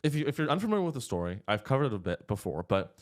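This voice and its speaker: A man's voice: sing-song, racing. A man in his thirties hosting a casual comedic podcast in a studio, rambling and crude with plenty of jokes. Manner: rambling, crude, jokey, swings pitch widely. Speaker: podcast host.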